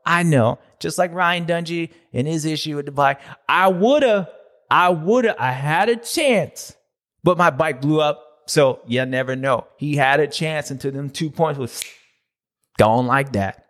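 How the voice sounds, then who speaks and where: A man hosting a racing recap show in a jokey, slangy, excitable way. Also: a little high, measured pace. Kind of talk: comedic recap commentary.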